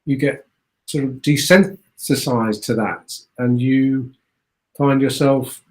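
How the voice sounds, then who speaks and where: A man speaking as an interview guest, rambling along with halting, repeated words. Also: mid-range voice, fairly even intonation, a little mellow. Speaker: guest explorer. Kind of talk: conversational interview.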